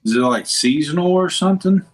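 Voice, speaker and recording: A man's voice: on the high side, animated, a little fast, a crowd in the background. A man chatting casually on a livestream, adding short, laid-back remarks. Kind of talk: casual chat.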